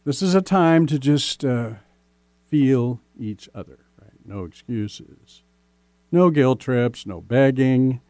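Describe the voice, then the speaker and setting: A man hosting a relationship podcast as a coach, speaking gently and slowly, often ending points with "right?". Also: mid-range voice, expressive, no echo. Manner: gentle, slow, many "right?" tags. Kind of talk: casual podcast advice.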